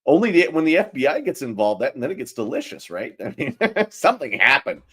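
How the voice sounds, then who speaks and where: Male podcast co-host, mid pitch, very animated and jumpy delivery, stammering eager questions. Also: fast talker, husky. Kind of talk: political podcast commentary.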